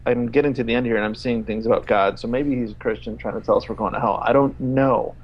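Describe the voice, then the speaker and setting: A man's voice: medium pitch, fairly even intonation, slightly rough. A man co-hosts a casual podcast, reading aloud with weary exasperation and plenty of swearing. He halts and restarts, with lots of fillers. The recording is dull and lo-fi. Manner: exasperated, profane, halting with fillers. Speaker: podcast co-host.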